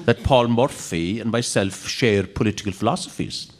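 A man's voice: lowish voice, normal speed, natural voice. A man doing a comic impression of a middle-aged Irish left-wing politician, wry and self-mocking, laughing through his answers in a studio interview.

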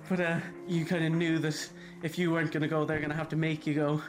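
A man's voice: a little high, level tone, fast, few pauses, music in the background. A man recalling being rescued from a shipwreck, talking in a loose, hesitant way full of fillers. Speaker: rescued trainee. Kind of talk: interview recollection.

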